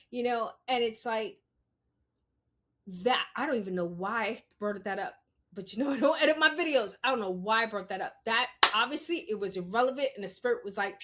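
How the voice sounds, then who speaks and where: A podcast host with a fairly bright, higher-pitched voice talks to her listeners off the cuff at a normal speed. Her solo commentary is blunt, profane and emphatic, and she speaks directly to the audience, often asking "You understand?"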